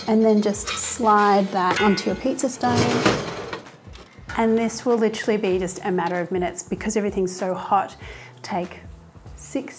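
A woman's voice: medium pitch, noisy background. A woman hosting a cooking show, chatting casually and explaining each step in an upbeat way as she cooks in a kitchen. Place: home kitchen.

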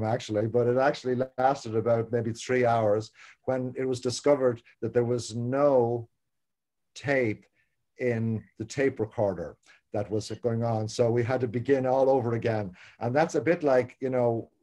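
A man's voice: mid-range voice, steady tone, normal speed, warm tone. Stammering Irish American man telling stories. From Ireland. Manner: stammering, repeats words, anecdotal. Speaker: producing director, moderator. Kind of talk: talkback Q&A on a video call.

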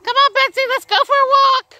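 A woman's voice: very high-pitched, steady tone, fairly quick, a crowd in the background. A woman vlogger outdoors at an animal attraction, coaxing birds in a sing-song voice. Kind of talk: casual chat, baby talk to animals.

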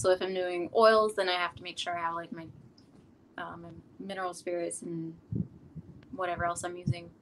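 A middle-aged woman, an artist, chatting casually in an interview, relaxed and rambling with frequent ums. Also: on the low side, slight background noise, low-quality recording. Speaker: artist guest.

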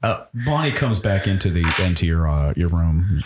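A man narrates a horror tabletop session as its game master. His pitch swings widely while he rambles and laughs through the scenes, and a faint hiss sits under the recording. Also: sing-song, moderate pace.

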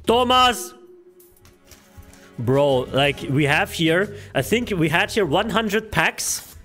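Excitable high-voiced male streamer. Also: takes it slowly, soft background music. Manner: excitable, swears often, stumbles over names. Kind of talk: casual live-stream commentary.

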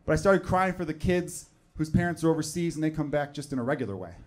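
A man, working a comedy club stage into a handheld mic. His voice sits slightly high for a man, and his easy chat keeps bursting into shouted, over-the-top voices for the people in his stories. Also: expressive, quick pace. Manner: conversational, jumps into loud exaggerated voices for characters. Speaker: stand-up comedian. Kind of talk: stand-up comedy set.

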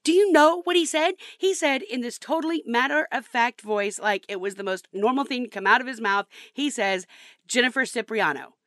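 Woman acting as a jilted young woman, high voice, dry close sound, sarcastic and rambling. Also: moderate pace, sharp tone, dry recording. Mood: indignant. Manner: bitter, sarcastic, rambling storytelling. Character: heartbroken young woman dumped by her boyfriend. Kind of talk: comedy sketch acting.

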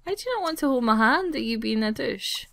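A woman's voice: a little high, animated, brisk, gravelly, a bit bright. Chatty woman commentating a life-sim game. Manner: chatty, giggly, exasperated with the game characters. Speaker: gaming channel host. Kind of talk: casual let's play commentary.

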